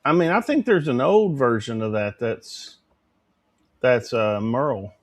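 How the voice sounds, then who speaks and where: A man hosting a casual livestream chat, folksy and animated, swearing casually. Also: medium pitch, unhurried. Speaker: livestream show host.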